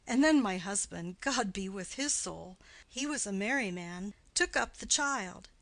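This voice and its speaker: A woman reading the part of a garrulous, doting old nurse in an audiobook play, with her voice climbing high and loud as she rambles. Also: lively intonation, a little slow, no echo, low-quality recording. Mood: rambling.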